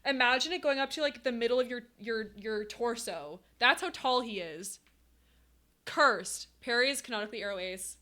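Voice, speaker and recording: Young woman streamer, casual chat with viewers, animated and laughing, bright slightly high voice. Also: normal speed.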